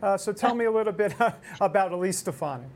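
A man with a New York accent from the Upper West Side, hosting a political talk show in a chatty, emphatic way with animated asides. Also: high-pitched, brisk, gravelly.

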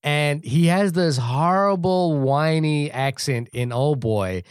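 A man's voice: a little high, takes it slowly, smooth, no echo, clean studio sound. A man co-hosting a movie podcast in casual chat, opinionated and stammering as he restarts his sentences. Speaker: podcast co-host.

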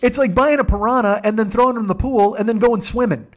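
A man telling casual comedic stories at a friend's house, profane and animated, acting out the dialogue in quick voices. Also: sits high.

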